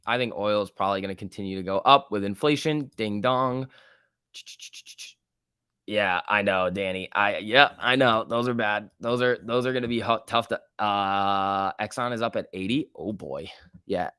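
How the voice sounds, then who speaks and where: A man hosting a live trading stream, giving loose running commentary, reading chat aloud and breaking into quick excited outbursts. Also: lowish voice, clean tone, dry recording, clean studio sound. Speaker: livestream host.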